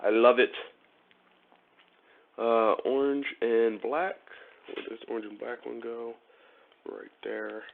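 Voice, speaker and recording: A man's voice: mid-range voice, level tone, slow pace, vocal fry, pauses often. A man from Ohio chatting and joking with viewers while he wires up a motorcycle, laughing often. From Ohio, USA. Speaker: motorcycle vlogger. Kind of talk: casual live-stream chat while wiring a motorcycle. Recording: phone-like narrow-band audio.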